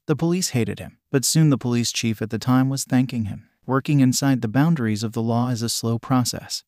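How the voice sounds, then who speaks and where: A man narrating a fan-fiction story in an even, unhurried reading. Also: mid-range voice, dry recording, studio quality.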